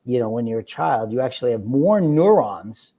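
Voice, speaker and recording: A man speaks as an interview guest, calmly and reflectively explaining his ideas. His voice is mellow and warm, with a middle pitch. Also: normal speed. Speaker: guest, children's book author. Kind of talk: conversational interview.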